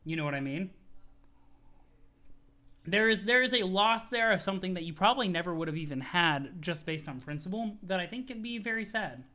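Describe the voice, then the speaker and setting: A young man hosts a live-streamed read-along, talking in a high, bright, forceful voice. He is animated and loose, swears casually, and chats back to his viewers as he reads. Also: fairly quick.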